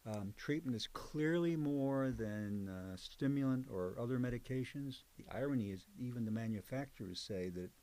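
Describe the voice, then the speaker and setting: A man's voice: medium pitch, animated, moderate pace, hardly any pauses, darkish tone. An older man, a psychologist and professor, recalling his career in an oral history interview, speaking in a conversational, digressive way. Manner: conversational, digressive storyteller with fillers.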